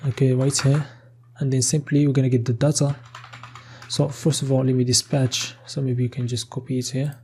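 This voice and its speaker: Typing as he goes, a man talks through a screen-recorded coding tutorial, restarting casually and saying "okay" often as he thinks aloud. He's a programming tutor with a medium, somewhat mellow voice that moves little in pitch, at a normal speed. The keyboard clicks along under slight background noise.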